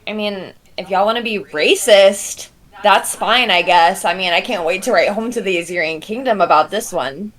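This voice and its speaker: A woman's voice: mid-range voice, moderate pace, fairly bright tone, natural voice. A woman voicing a vain, sassy young princess character in a tabletop game, haughty and sarcastic. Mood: snippy.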